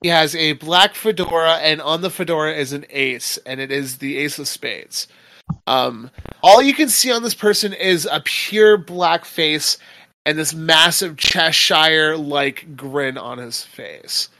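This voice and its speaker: Slow, forceful man running a game. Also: a little high. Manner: rambling, describes scenes with fillers. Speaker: game master. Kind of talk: narrating a tabletop game.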